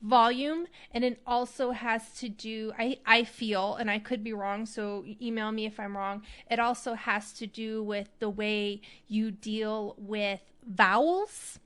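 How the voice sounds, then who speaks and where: A woman hosting an acting advice show, talking in a chatty, animated way. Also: fairly high pitch, unhurried, hardly any pauses, smooth. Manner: chatty, animated, demonstrates voices. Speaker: podcast host.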